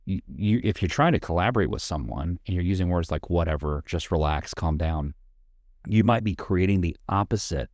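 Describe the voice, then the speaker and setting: Deep-voiced man, reflective counselor. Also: expressive, brisk, few pauses, darkish tone, no room sound, studio quality. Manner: reflective, explains with examples, thinks aloud. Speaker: family counselor and co-host. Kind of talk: conversational podcast discussion.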